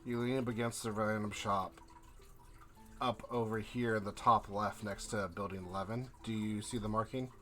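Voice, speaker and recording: A man narrating as game master in a tabletop game, painting scenes in slow, descriptive detail. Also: lowish voice, steady tone, pushed and bright.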